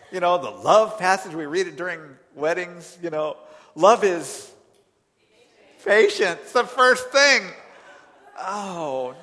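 A man preaching a sermon, telling a personal story in an animated way that swings from quiet to loud exasperation. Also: high voice, in a large hall. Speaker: pastor.

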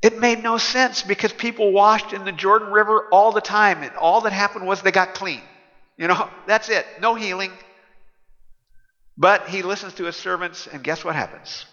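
Pastor, man, very bright voice, casual humorous sermon, echoey hall. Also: sits high, dull audio. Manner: conversational, humorous, chuckling.

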